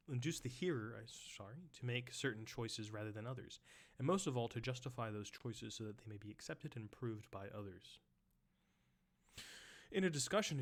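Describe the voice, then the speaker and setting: Man reading a text aloud, chatty asides. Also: medium pitch. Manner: reads a text aloud, then breaks off into casual asides; loose and chatty, with restarts and the odd whispered aside. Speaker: professor reading aloud on a live stream. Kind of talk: live-streamed close reading lecture.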